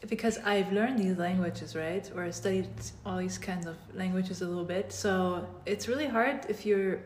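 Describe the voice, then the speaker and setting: A woman's voice: lowish voice, moderate pace, darkish tone, a little hiss or hum. A woman chatting casually in a language that is not her first, thoughtful and modest. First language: not English. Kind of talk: casual chat. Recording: roomy echo.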